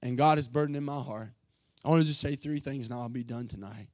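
A pastor preaching an emotional sermon from the pulpit, earnest and building to fervent passages. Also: male voice, mid-range voice, fast talker, darkish tone, no room sound.

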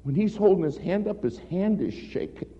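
A man's voice: sits high, animated, normal speed. A male preacher telling a story from the pulpit in a dramatic, storytelling way. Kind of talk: storytelling sermon. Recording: echoey hall, dull lo-fi sound with faint noise.

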